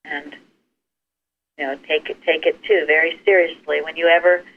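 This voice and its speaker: A man leading an informal Bible study discussion, speaking earnestly and encouragingly, sometimes trailing off softly. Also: on the high side, flat delivery, moderate pace, vocal fry. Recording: tinny phone line with faint hiss.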